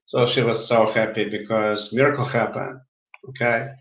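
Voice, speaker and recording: A man's voice: on the low side, steady tone, moderate pace, fairly bright tone. A man who works as a healer tells a story in casual speech, often repeating and restarting his words. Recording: roomy, dull lo-fi sound.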